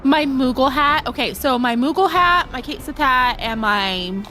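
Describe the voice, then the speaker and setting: A woman's voice: high-pitched, unhurried, bright, forceful tone. A young woman chatting playfully on a game live stream, laughing often and reacting to chat.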